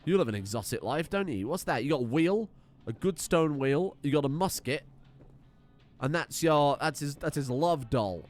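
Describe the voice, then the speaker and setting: A British gaming streamer from the United Kingdom does let's play commentary on a game from his desk at home, joking and swearing as he goes. His voice is a little high and expressive at a normal speed, with soft music in the background.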